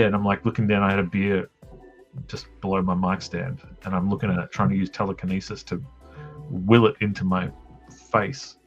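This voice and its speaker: Gravelly, low-voiced Australian man rambling. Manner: rambling, self-deprecating storyteller. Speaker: streamer host drawing comics. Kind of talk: casual live-stream chat. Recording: dull lo-fi stream audio with faint music.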